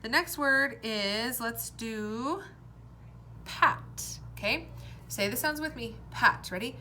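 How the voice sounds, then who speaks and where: Lady teacher doing a phonics lesson for little kids, bright voice, sounds out each letter real slow, bit of hiss behind. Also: a little high. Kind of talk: recorded phonics lesson for young children.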